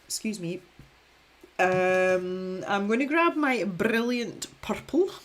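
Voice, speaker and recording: Speaking slowly at a medium pitch, this art streamer from Scotland is a young woman who rambles and pokes fun at herself while painting live. She laughs often.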